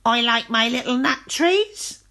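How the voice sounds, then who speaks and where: A woman's voice: a little high, lively intonation, unhurried, bright, forceful tone, voice pushed up. A woman putting on a fussy friendly witch. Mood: wistful. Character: flustered, kindly female witch hosting a crowded party.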